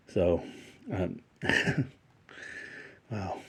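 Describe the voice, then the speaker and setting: Man, low pitch, slightly husky, casual vlog talk, emotional, halting, lots of fillers. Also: fairly even intonation, darkish tone. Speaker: toy collector YouTuber.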